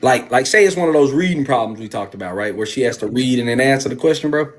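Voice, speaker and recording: A man co-hosting a casual podcast, telling candid stories in an animated way about homeschooling his daughter. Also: medium pitch, fast talker. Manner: candid, animated storytelling with lots of slang. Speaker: podcast co-host. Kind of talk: casual chat.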